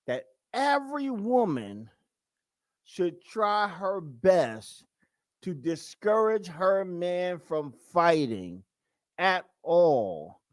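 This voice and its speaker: A man speaking hosts a live talk show, chatting casually with his viewers. His voice sits a little high and he acts out quick bits of dialogue. The sound is dry and close. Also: no room sound. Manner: conversational, acts out quick quoted voices, repeats himself. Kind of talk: casual live-stream commentary.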